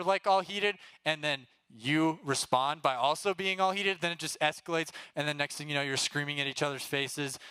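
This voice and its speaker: A young man preaching to a youth group in a casual, energetic way, often checking in with the room and getting them to call out answers. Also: medium pitch, clear, resonant tone, dry recording. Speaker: youth pastor.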